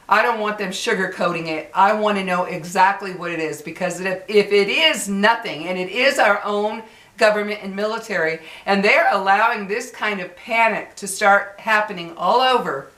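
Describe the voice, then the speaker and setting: A woman's voice: mid-range voice, fairly bright tone, reverberant, rough recording. A woman in her sixties venting bluntly and heatedly to her viewers, repeating herself as she complains. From United States. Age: 60s. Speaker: vlogger. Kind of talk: angry venting to camera.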